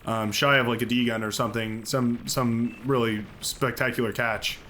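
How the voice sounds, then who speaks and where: A man's voice: medium pitch, fairly even intonation, moderate pace, pushed and bright, slight background noise. An American man casting a real-time strategy match, chatty and upbeat, with many fillers and restarts. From United States. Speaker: game commentator. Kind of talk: live strategy game commentary.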